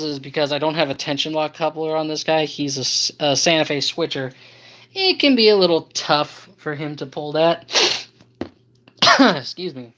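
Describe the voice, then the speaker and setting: A tired model railroad host chatting casually on a live stream, halting with many fillers and talking to the toy trains. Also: mid-range voice, fairly bright tone, a little hiss or hum, rough recording.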